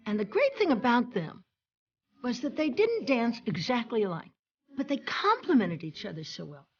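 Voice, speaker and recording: A woman's voice: fairly high pitch, very animated, moderate pace, lo-fi sound, a little hiss or hum. A woman recalling performers fondly and enthusiastically in a documentary interview.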